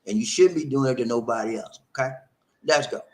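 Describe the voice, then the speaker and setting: A man's voice: mid-range voice, fairly quick, a little mellow. A man speaking, hosting a casual relationship advice talk, preachy and repetitive, full of rhetorical questions.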